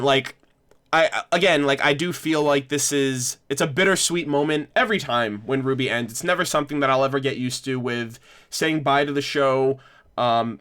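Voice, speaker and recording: A man's voice: medium pitch, a bit bright, clean tone. A young man hosting a casual livestream discussion, rambling with many restarts as he thanks viewers. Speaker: livestream host.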